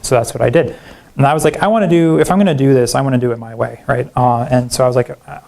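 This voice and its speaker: A middle-aged male professor giving a public lecture in a university hall. He tells stories in a lively, self-deprecating way and often checks in with his listeners. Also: medium pitch, quick pace, gravelly. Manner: animated storyteller, self-deprecating, frequent "right?" and "like".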